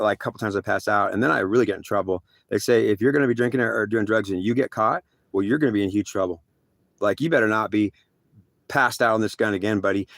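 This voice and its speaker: Fast-talking gravelly man rambling through a story. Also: mid-range voice, fairly bright tone, no echo. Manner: halting, repetitive, many restarts; acts out other people's voices in quick back-and-forth. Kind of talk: rambling first-person storytelling.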